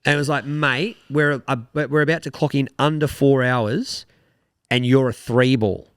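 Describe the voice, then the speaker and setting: Speaking at a normal pace with fairly even intonation, a young Australian man co-hosts a podcast in relaxed, meandering small talk, swearing from time to time. His mid-range voice has a clear, resonant tone, recorded dry at studio quality.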